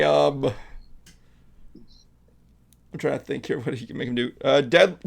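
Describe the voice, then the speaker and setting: A man with a gravelly, mid-pitched voice hosts a loose podcast read-along. He narrates in a rambling way with plenty of ums and laughter. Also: measured pace, long pauses. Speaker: podcast host. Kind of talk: casual chat and narrating a script read.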